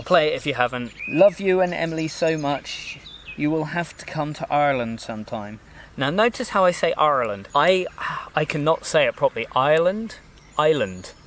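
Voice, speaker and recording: A man, in his thirties, talking through listener questions on his podcast. His voice sits at an ordinary middle pitch and he rambles along casually, often poking fun at himself. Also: a bit bright, a little hiss or hum. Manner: chatty and rambling, self-deprecating. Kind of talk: casual chat.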